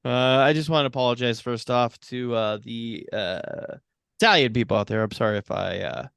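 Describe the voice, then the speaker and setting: A man's voice: mid-range voice, normal speed, gravelly, a bit bright, clear, resonant tone, no room sound, clean studio sound. A man co-hosting a casual podcast who says uh a lot and laughs easily. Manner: many uh fillers, laughs easily, upbeat. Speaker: podcast co-host.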